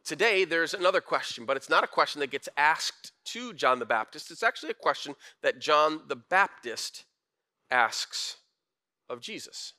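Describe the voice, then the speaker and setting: Bright-voiced, casual young male preacher. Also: a little high, normal speed. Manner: conversational, slangy, animated preaching. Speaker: pastor. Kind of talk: casual sermon.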